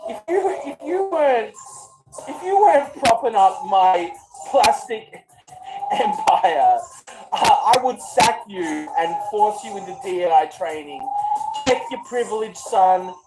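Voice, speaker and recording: A woman's voice: medium pitch, lively intonation, measured pace, over loud music, poor audio. A woman hosting a podcast, ranting in a mocking, crude way and talking to her cat. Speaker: podcast host. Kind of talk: casual profane rant.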